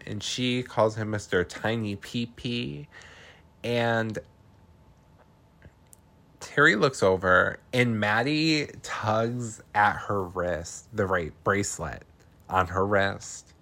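Guy doing a chatty movie recap, voice swings all over, slow and dramatic, lots of laughing and cussing. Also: lowish voice, gravelly. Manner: animated, laughs often, swears freely, dramatic asides. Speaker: podcast host recapping a film. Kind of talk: casual film recap.

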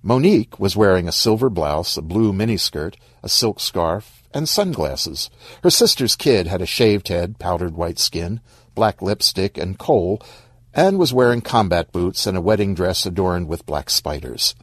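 A man narrating a short story in a wry, expressive storybook reading. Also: low-pitched, measured pace, breathy edge, no echo, clean studio sound.

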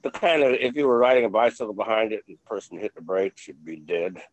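Fast and with lively intonation, the older interview guest, who used to be on film crews, spins loose casual stories laced with fillers and crude language. His voice is fairly low-pitched, and the recording is rough.

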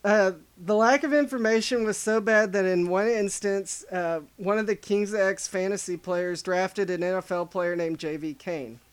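Podcast host, male, high and smooth voice, easygoing storyteller. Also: fairly even intonation, normal speed, hardly any pauses. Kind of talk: casual chat.

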